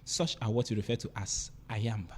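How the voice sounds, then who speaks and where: A man's voice: fairly low pitch, steady tone, normal speed. A man teaching a literature lesson, explaining step by step and repeating and rephrasing his points. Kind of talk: explanatory lecture.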